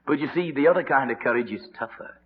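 A man preaching a sermon, telling the story with lively narration and acted-out voices. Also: medium pitch, fast talker, a little hiss or hum. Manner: animated storytelling, acting out voices. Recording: reverberant dull old radio broadcast.

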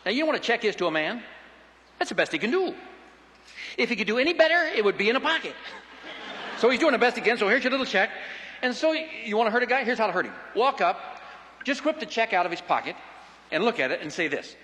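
A middle-aged man preaching a sermon in a folksy, animated, joking way. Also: sits high, fast talker, pauses often, long reverb tail, a little hiss or hum.

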